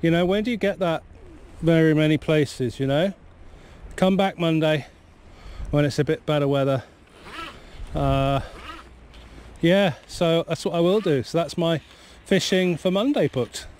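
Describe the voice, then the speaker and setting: A fishing vlogger from Cornwall who has a cold rambles cheerfully into a camera mic outdoors by a river in bad weather, chatty and easily amused. His voice is fairly high and a little mellow, at normal speed with frequent pauses and slight background noise.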